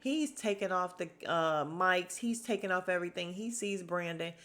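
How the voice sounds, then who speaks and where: Woman doing a reality tv recap, chatty and slangy, swears a lot, voice jumps way up when she acts out lines. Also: moderate pace. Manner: animated, acts out quotes with big pitch jumps; slangy and candid, with frequent swearing. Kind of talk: casual recap chat to viewers.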